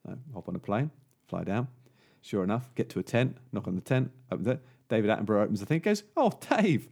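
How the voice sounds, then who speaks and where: Creaky-voiced man in casual podcast chat. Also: fairly low pitch, fast, a little mellow. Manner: rambling, with many fillers and restarts. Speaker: podcast co-host. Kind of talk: casual chat and joke telling.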